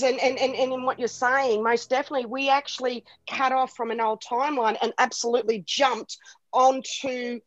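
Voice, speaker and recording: Woman guest, higher voice, earnest and rambling; dull, dry remote-line sound. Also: dry recording. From Australia. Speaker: guest spiritual guide. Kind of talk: casual radio talk.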